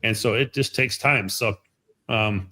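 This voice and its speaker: A man's voice: lowish voice, bright, forceful tone. A middle-aged man chatting casually on a live stream about an amateur radio event, with many fillers and restarts. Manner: halting, many fillers and repeated words.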